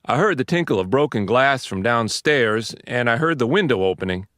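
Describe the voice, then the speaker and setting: A man's voice: mid-range voice, expressive, normal speed, fairly bright tone, dry recording, clean studio sound. Man earnestly reading a personal story. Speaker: course narrator reading a letter. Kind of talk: scripted reading.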